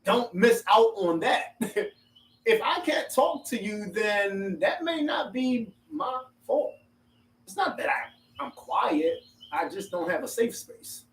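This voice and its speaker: A man's voice: high-pitched, very animated, takes it slowly, a bit bright, recorded from a distance, a little hiss or hum. A man hosting a group discussion, talking animatedly and laughing often between points. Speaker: discussion host. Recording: roomy sound from off-mic.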